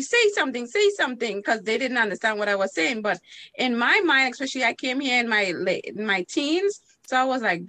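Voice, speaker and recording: Caribbean woman guest, bright, playful, laughs a lot; dry, close recording. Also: fairly high pitch, no echo. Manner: playful, laughing, animated storytelling. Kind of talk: casual chat.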